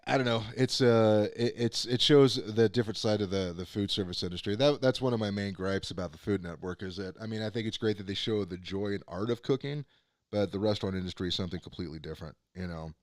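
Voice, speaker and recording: A man's voice: fairly low pitch, fast talker, dry recording, clean studio sound. A man hosting a casual podcast chat, rambling and swearing, with many fillers. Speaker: podcast host.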